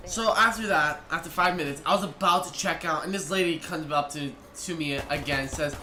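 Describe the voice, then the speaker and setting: A high-voiced young man tells a long story in a casual, rambling way, circling back and restarting his sentences. His voice sounds bright, and it echoes around a room with a faint hiss behind it. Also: a little fast. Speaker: vlogger.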